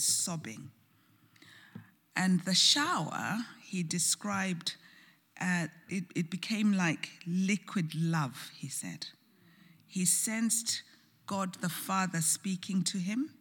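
A woman preaching a sermon, telling a story slowly and earnestly with soft, hushed moments, recorded in a church. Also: lowish voice, lively intonation. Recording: church hall with long reverb.

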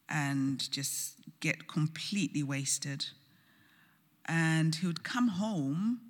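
A woman preaching a sermon, telling a story slowly and earnestly with soft, hushed moments, recorded in a church. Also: on the low side. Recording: church hall with long reverb.

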